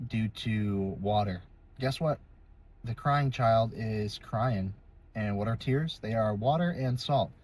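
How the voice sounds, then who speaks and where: A man's voice: on the low side, a little hiss or hum. A young man explaining a game's story from memory, casual and rambling, with many ums and self-corrections. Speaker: video creator.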